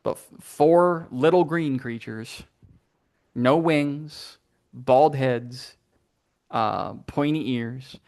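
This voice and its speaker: A man running a tabletop game as its game master, telling the scene in a playful, animated way. His voice sits at an ordinary middle pitch, and he throws in little sound effects as he goes. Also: extremely slow.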